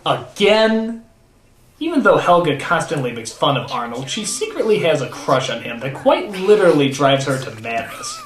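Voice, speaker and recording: A man's voice: fairly high pitch, wildly swooping pitch, normal speed, a bit bright, roomy sound. A man giving sarcastic comedic review narration, with exaggerated outbursts.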